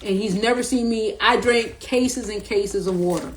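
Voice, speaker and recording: A woman's voice: mid-range voice, moderate pace, a little hiss or hum, poor audio. A middle-aged woman talking casually to camera about spiritual awareness, in a loose, slangy, rambling way, often repeating her words. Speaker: spiritual vlogger.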